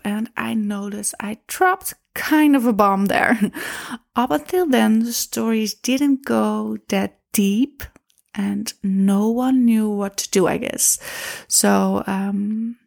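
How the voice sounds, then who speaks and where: A woman recounting a deeply personal experience, reflective and emotional, breaking into soft laughs and making small grammar slips as she goes. Her voice sits at an ordinary middle pitch and carries a gravelly, creaky texture. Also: slow. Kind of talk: personal storytelling.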